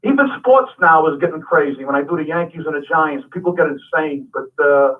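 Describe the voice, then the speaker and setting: A man's voice: on the high side, fairly quick. A man who is a comedian guest, talking animatedly and emphatically in a radio interview. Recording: tinny phone-like radio sound from the mic's distance.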